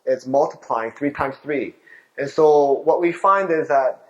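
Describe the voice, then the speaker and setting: A man's voice: a little high, measured pace, muffled recording. A male physician giving a health talk, explaining diet with rhetorical questions.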